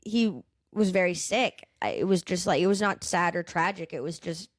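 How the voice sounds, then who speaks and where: A woman stand-up comedian from the Boston area, chatting casually as a podcast guest. She tells stories in an animated way, with a lot of fillers and frequent swearing. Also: fairly low pitch, normal speed, no echo, clean studio sound.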